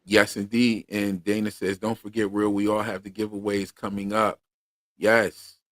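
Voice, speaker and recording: A man's voice: fairly low pitch, level tone, normal speed, fairly bright tone, no echo. Casual Philly-accented man chatting. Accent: Philadelphia. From Pennsylvania. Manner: loose, slangy, reads chat comments aloud. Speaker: podcast co-host. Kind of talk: casual livestream chat.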